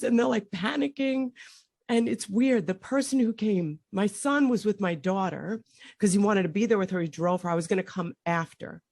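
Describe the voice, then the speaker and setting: A woman's voice: medium pitch, normal speed, gravelly, a little mellow, no echo, clean studio sound. Rambling, heartfelt middle-aged woman host. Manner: rambling, breaks off mid-sentence, voice rises sharply when reliving panic. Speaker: podcast host. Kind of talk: emotional conversational storytelling.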